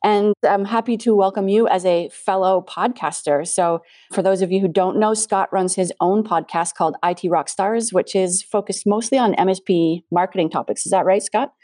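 A woman's voice: medium pitch, moderate pace, mellow, no room sound, clean studio sound. A woman with a Canadian accent hosting a podcast interview, talking in an upbeat, conversational way. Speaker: podcast host.

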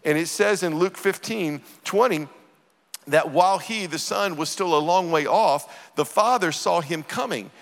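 A man's voice: a little high, a little slow, fairly bright tone. Man, middle-aged, pastor, emphatic sermon, echoing hall. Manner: earnest, emphatic scripture reading. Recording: church hall reverb.

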